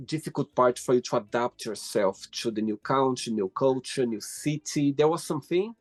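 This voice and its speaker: A man's voice: medium pitch, normal speed, no room sound, faint music behind. Host man with phrasing. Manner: brief, encouraging interjections with broken phrasing. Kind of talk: casual interview.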